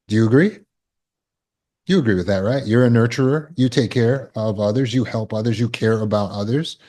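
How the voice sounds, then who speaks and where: A man giving a live talk to an audience in a room. He talks earnestly and coaxingly, repeats phrases, and drops to a soft voice when he voices comforting words. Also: medium pitch. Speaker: trauma recovery speaker. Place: room with an audience of about 160.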